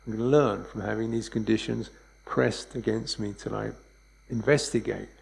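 A man giving a dharma talk as a meditation teacher, speaking in a relaxed, conversational way and chuckling often. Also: lowish voice, moderate pace, creaky, rough recording.

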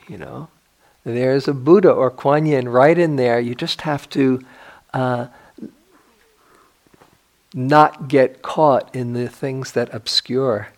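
With gentle pauses and occasional restarts, an older meditation teacher reflects aloud during a dharma talk. His voice is medium in pitch.

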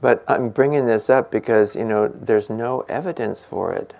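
Older man, gravelly voice, gentle musing dharma talk, chuckles often. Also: mid-range voice, normal speed. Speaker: meditation teacher.

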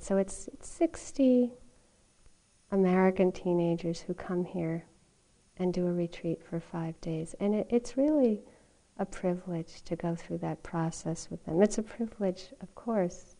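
Middle-aged woman teaching meditation; warm, relaxed voice, chatty storytelling with soft laughs. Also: fairly low pitch, vocal fry. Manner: conversational storytelling with frequent "you know" and soft laughs. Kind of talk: dharma talk. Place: meditation retreat hall.

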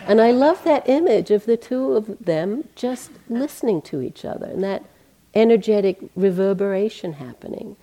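A woman meditation teacher giving a gentle, conversational dharma talk, often saying "you know". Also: medium pitch, expressive, normal speed.

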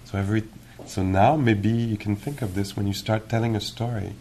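A man giving a meditation teacher's dharma talk in a gentle, reflective, musing way, with many pauses. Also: lowish voice, steady tone, slight background noise. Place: retreat hall.

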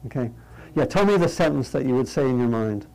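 A man leading a meditation class in an interactive talk, lighthearted and checking in with the group, thinking aloud through pauses and restarts. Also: mid-range voice, lively intonation, creaky, a little mellow, poor audio. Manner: light, humorous, often checks in with "right?". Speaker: meditation teacher.

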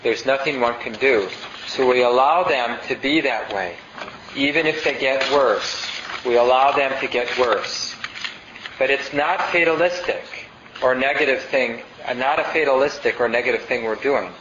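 A man's voice: medium pitch, normal speed, a bit bright, a little hiss or hum. A male meditation teacher giving a conversational dharma talk. He reads passages aloud and asks the audience questions. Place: meditation center hall. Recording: roomy, dull lo-fi sound.

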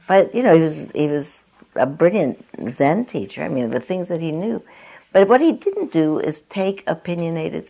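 A woman's voice: low-pitched, very animated, normal speed, creaky, mellow. A woman meditation teacher giving a dharma talk at a meditation center, chatty and self-mocking, often laughing at herself.

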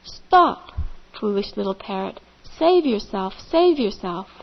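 Storybook golden eagle, solemn and commanding, pitched high and loud, woman narrator doing the voice. Dull lo-fi sound. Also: expressive, takes it slowly. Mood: urgent. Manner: solemn, commanding, urgent warnings.

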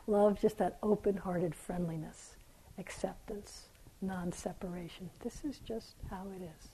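A woman teacher speaks gently and reflectively in a dharma talk, her tone mellow and dark. Her voice is a little breathy and husky, and at times it sinks to a soft near-whisper. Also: lowish voice, moderate pace, poor audio. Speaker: meditation teacher. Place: meditation hall.

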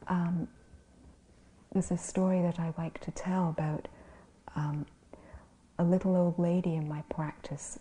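A woman with a deep voice, a physician who also teaches meditation, gives a gentle dharma talk, frequently lowering her voice to almost a whisper. Slight background noise can be heard.

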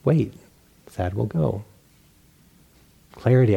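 A middle-aged man teaching meditation in a relaxed dharma talk, poking fun at himself and acting out his own inner voices. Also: fairly low pitch, a little slow, gravelly, slightly rough, muffled recording. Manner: relaxed, self-mocking, acts out inner voices.

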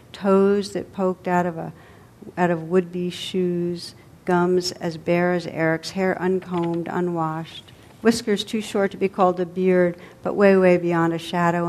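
A woman meditation teacher telling a story to a group in a gentle, unhurried way, her voice softening at the ends of phrases. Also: on the low side. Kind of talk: storytelling in a dharma talk.

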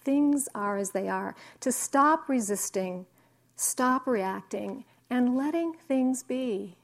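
A woman meditation teacher giving a slow, reflective dharma talk with soft pauses. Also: fairly high pitch, lively intonation, gravelly. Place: meditation hall.

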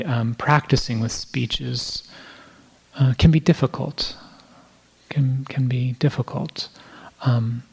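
Male meditation teacher, husky and breathy, reflective lecturing tone, talking to a room of listeners. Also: mid-range voice. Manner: reflective, with frequent restarts and soft asides. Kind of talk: dharma talk to a live audience. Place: room with a live audience.

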